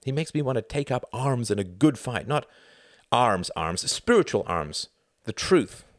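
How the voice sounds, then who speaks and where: A man reading aloud, voicing Tom, an earnest young man who talks with raised, excited enthusiasm. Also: mid-range voice, a little slow, no room sound, clean studio sound, voice pushed up. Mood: enthusiastic.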